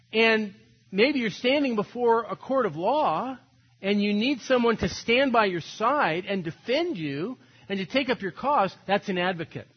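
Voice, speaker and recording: A man's voice: high voice, husky, highs cut off. An older man preaching a sermon, telling stories animatedly and acting out quoted voices. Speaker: pastor.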